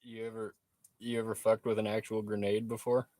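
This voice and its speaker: A man's voice: lowish voice, level tone, brisk, dark tone, no echo. A man chatting casually on a live stream, laid-back, swearing freely and laughing often. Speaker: livestreamer. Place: truck workshop.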